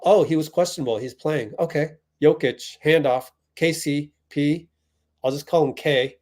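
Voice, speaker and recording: With a slightly high voice and a measured pace, a young Bay Area man hosts a fan watch party. He keeps up a chatty live play-by-play, his excitement spiking on big plays.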